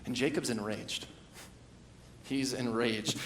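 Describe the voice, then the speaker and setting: A man preaching a sermon as pastor, moving from hushed storytelling to loud, impassioned emphasis. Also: medium pitch, steady tone, normal speed, echoey room, slight background noise. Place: church sanctuary.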